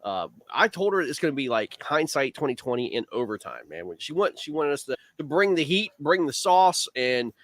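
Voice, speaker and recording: A man hosting a casual talk stream, animated and saying "man" a lot. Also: a little high, a little fast, few pauses, no echo. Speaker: host, league organizer. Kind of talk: casual chat.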